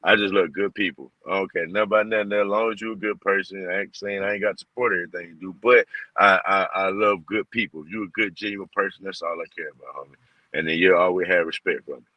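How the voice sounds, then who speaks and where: A man with a Southern accent chatting as a guest, animated and quick to laugh, often repeating himself. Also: deep voice, dry recording, lo-fi sound. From Alabama. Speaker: guest, hip-hop artist. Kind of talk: casual chat.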